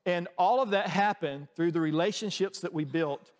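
A man's voice: high-pitched, moderate pace, long reverb tail. A man preaching a sermon as a pastor, telling a personal story in a conversational way with frequent restarts.

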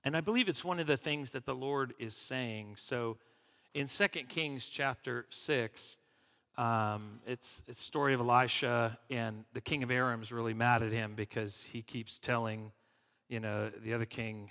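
A man's voice: mid-range voice, normal speed, pushed and bright, big-room sound. A man preaching a casual sermon as a guest speaker, chatty with many fillers and restarts. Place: church sanctuary.

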